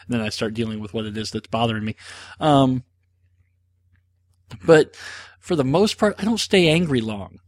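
A man with a mid-range voice hosts a casual solo show, answering listener questions at a normal speed with long pauses. He rambles, jokes, and pokes fun at himself, filling his talk with ums and uhs. The recording has no echo.

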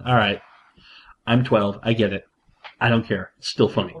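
Excitable male podcast host, laughs often, restarts sentences, casual monologue. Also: on the low side, moderate pace, long pauses.

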